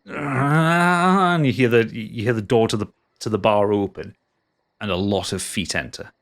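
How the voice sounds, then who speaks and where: A man's voice: lowish voice, measured pace, fairly bright tone. A man running a tabletop game as game master, narrating casually and playfully, often tripping over and repeating his words.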